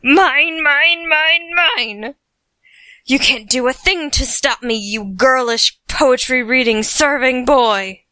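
A woman voicing a blustering, tyrannical old king in a comic storybook reading, shouting and ranting. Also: lowish voice, little pitch movement, slow, no room sound, voice pushed down.

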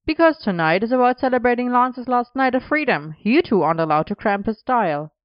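A woman's voice: on the high side, lively intonation, brisk, dry recording, highs cut off, voice pushed up, close to an everyday voice. A woman voicing a boisterous, bossy young man who lays down the rules with wry insistence, in a storybook reading. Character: boisterous, bossy older-brother type man.

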